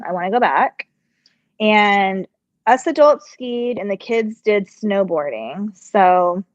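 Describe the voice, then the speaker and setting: A woman's voice: mid-range voice, no echo. A middle-aged woman chatting casually on a live stream while she sews, answering viewer questions, her voice a little congested and muffled. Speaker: sewing channel host.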